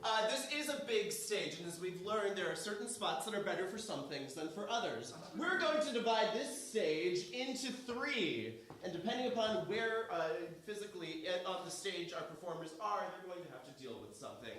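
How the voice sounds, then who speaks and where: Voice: medium pitch, sing-song, normal speed, hardly any pauses, fairly bright tone, slight background noise. Improv host explaining the game. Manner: explaining, with fillers. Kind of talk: hosting live improv. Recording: echoey theatre.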